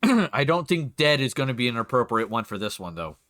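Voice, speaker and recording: A man's voice: medium pitch, very animated, fairly quick, a bit bright. A man, a game master and streamer, chatting casually and rambling as he sets up the session. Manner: rambling, chatty, self-interrupting.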